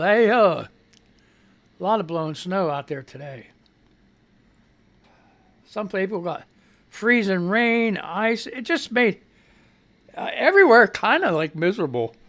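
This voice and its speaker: Man, radio host, casual rambling chat, bright tone, swings up and down a lot. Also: high voice. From United States. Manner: loud, rambling, swears freely.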